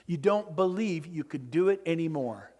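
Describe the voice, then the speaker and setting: A man gives a motivational seminar talk. His voice sits high for a man, and he preaches with big swings between loud bursts and quiet asides. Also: animated, normal speed. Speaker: motivational speaker. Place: conference room.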